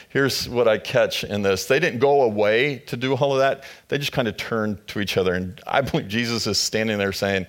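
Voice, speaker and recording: A man's voice: on the low side, moderate pace. Conversational male pastor preaching. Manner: conversational storytelling, retelling scripture in everyday words. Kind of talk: sermon.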